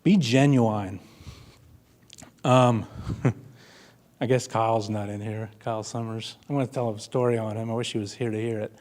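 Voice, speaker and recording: A man giving a conference talk to an audience, earnest and plainspoken, telling stories with casual fillers. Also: medium pitch. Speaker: conference speaker. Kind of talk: keynote talk. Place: conference room before an audience.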